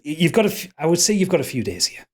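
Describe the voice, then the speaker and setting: A game master voicing a jittery, swearing tavern keeper who gives rushed warnings in a raised voice. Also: male voice, a little high, big pitch swings, darkish tone, pitched above the performer's own voice. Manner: panicky, cursing, rushed warnings. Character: jittery middle-aged male tavern keeper, swears a lot.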